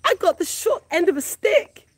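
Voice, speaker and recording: A woman who grew up in the UK vlogging casually outdoors in a village, gushing and excitable, often repeating her words. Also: very high-pitched, moderate pace, no room sound. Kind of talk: casual vlog narration.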